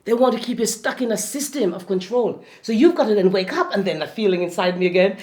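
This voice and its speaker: A woman from Jamaica with a Jamaican accent, giving a lively inspirational talk to a group, laughing often and bursting into loud peaks. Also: mid-range voice, fast. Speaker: motivational speaker.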